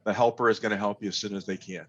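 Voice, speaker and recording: A man giving an animated, interactive workshop talk over a video call, leading the audience in call-and-response. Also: on the low side, racing, lo-fi sound. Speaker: workshop speaker.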